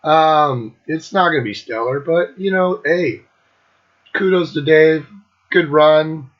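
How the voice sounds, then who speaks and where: Speaking slowly in a fairly high voice, a middle-aged host rambles through a concert story on his own show. He swears a lot and laughs throughout, and the recording has a lo-fi quality.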